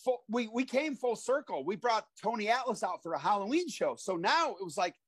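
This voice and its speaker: A man in his forties from Iowa, a former pro wrestler telling animated stories as a podcast guest and acting out the voices of people in them. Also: high-pitched, fairly quick, husky, dry recording. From Iowa, USA. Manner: animated storyteller who acts out voices. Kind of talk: casual interview storytelling.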